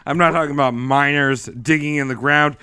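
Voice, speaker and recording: A man's voice: a little high, steady tone, brisk, bright, forceful tone, smooth. A man co-hosting a comedy podcast, provoking the others with goofy jokes. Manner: goofy provoking jokes, silly quoted voices. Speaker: podcast co-host. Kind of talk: casual comedy podcast chat.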